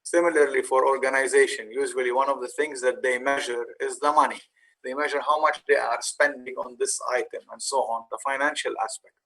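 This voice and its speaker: Male course instructor, mid-pitched, gravelly, patient explainer. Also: steady tone, a little fast, bright, forceful tone, rough recording. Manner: explanatory, with frequent fillers and restarts. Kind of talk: lecture on facility management.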